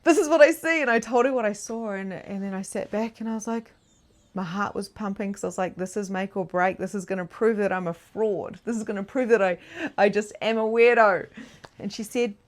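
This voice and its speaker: A woman coaching mediumship in a live online masterclass, telling stories in a chatty, animated way with frequent laughs and "like" fillers. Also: mid-range voice, fairly quick.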